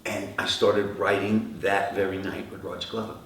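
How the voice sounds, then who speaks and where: A middle-aged man, a rock singer, telling lively stories in an interview and acting out the voices of the people in them. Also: low-pitched, moderate pace. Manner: animated anecdotes, acting out quoted dialogue. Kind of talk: storytelling interview answers. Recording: echoey room, from far off, faint noise.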